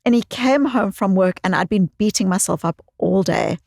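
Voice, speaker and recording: A woman psychologist telling personal stories as a guest in an interview, expressive and fond of repeating phrases for emphasis. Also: medium pitch, moderate pace, vocal fry, no echo, clean studio sound. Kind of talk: conversational interview storytelling.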